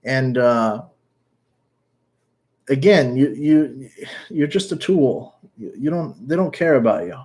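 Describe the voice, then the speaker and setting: A man's voice: mid-range voice, expressive, slow, long pauses, darkish tone. Casual guy, blunt and outspoken, mid-range voice, livestream chat host. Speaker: YouTuber answering live chat.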